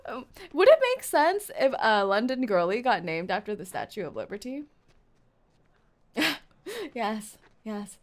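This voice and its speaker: A woman streamer who gushes and giggles while reading a game story out loud and reacting to it. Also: mid-range voice, very animated, takes it slowly, long pauses. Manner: gushing, giggly, exclaiming.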